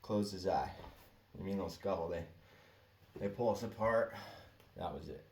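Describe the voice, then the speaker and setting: A man with a low, slightly mellow voice tells stories at a moderate pace in a laid-back, slangy casual monologue, laughing often. He's recorded off-mic from a distance in an echoey room, with faint ambience and a little hiss or hum.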